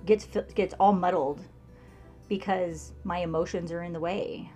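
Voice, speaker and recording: A woman co-hosting a podcast in casual chat, candid and quick to laugh. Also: fairly low pitch, fairly even intonation, dark tone, soft background music. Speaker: podcast co-host, parent.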